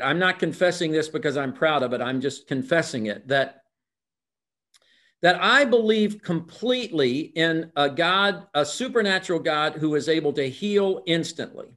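A man's voice: a little high, expressive, measured pace, fairly bright tone. Thoughtful pastor host, man. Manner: thoughtful, confessional. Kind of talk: conversational reflection.

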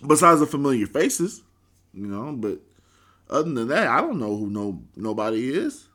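A man's voice: medium pitch, big pitch swings, normal speed, fairly bright tone. A man talking casually on a podcast, rambling and swearing freely in a laid-back way.

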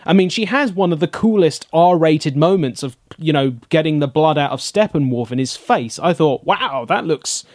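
A man with a slightly high voice giving blunt, emphatic verdicts in a casual film review chat. He is recorded close and dry, with nothing behind him. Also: normal speed, few pauses, a little mellow, dry recording. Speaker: podcast co-host.

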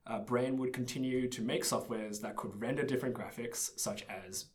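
A man's voice: mid-range voice, steady tone, moderate pace. A young man telling a story in casual chat, easygoing and laughing often. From Australia. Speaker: presenter.

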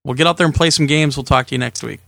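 A man's voice: mid-range voice, rapid-fire, vocal fry, fairly bright tone, slight background noise. A man hosting a gaming podcast, signing off the show in a loose, chatty way while thanking guests and sponsors. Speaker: podcast host. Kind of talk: casual podcast sign-off.

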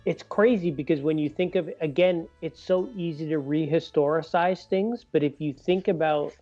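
A man's voice: fairly high pitch, normal speed, warm tone, dull audio. A man co-hosting a casual music podcast, thinking aloud and checking that others follow him. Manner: thinks aloud, asks for agreement. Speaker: podcast co-host. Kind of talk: casual chat.

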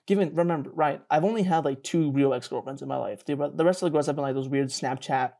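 A young man telling a story in a casual podcast chat. He mocks himself, laughs often and jumps up in pitch when he gets excited. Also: quick pace, vocal fry. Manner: animated, self-mocking, laughs often and jumps higher in pitch. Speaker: podcast co-host.

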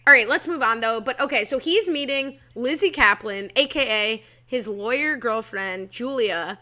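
A woman co-hosting a podcast, leading a casual episode recap with quick talk and frequent laughs. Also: on the high side, sharp tone. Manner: quick, laughing, leads the discussion. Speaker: podcast co-host.

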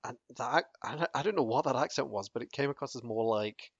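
A man's voice: mid-range voice, brisk, vocal fry, husky, no echo. Male podcast co-host, casual and rambling, full of fillers; dull, dry home recording. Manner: rambling, lots of fillers and restarts, laughs often. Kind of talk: casual chat.

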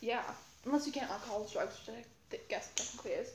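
A woman's voice: on the high side, fast, slight background noise. A teenage girl, co-hosting a podcast and telling a true story in a giggly, rambling way that keeps breaking off. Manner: giggly, rambling, self-interrupting. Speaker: podcast co-host. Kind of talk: casual chat, storytelling. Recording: roomy echo.

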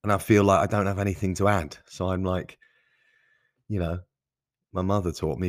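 A man's voice: deep voice, steady tone, normal speed, pauses often, dry recording, clean studio sound. A man hosting his own podcast, talking off the cuff in a rambling, self-deprecating way with casual swearing. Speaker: podcast host. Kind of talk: casual solo podcast monologue.

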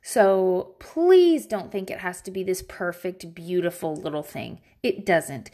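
A mom vlogging from home, speaking straight to her viewers in loose, unscripted talk. She is blunt and salty with her language, drops in plenty of "um"s, and her pitch jumps up and down with animated emphasis. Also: a little slow. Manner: blunt and profane, frequent swearing and "um" fillers; animated, jumps between high and low pitch. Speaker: parent vlogging about teaching her kids at home. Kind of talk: casual, candid advice talk to viewers.

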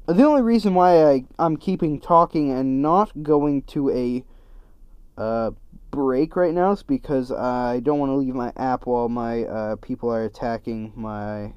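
Young guy rambling on his podcast, mellow smooth voice, muffled dry lo-fi sound. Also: medium pitch, no echo. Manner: rambling, distracted, self-correcting. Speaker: podcast host. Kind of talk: casual solo podcast chat.

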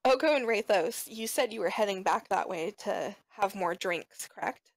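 A woman running a tabletop game as game master, setting scenes in a measured, descriptive way. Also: medium pitch, lively intonation, dry recording, rough recording.

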